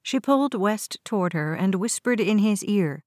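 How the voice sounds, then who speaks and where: A woman narrating an audiobook in a steady, even storytelling manner. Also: medium pitch, moderate pace, hardly any pauses, dry recording, studio quality.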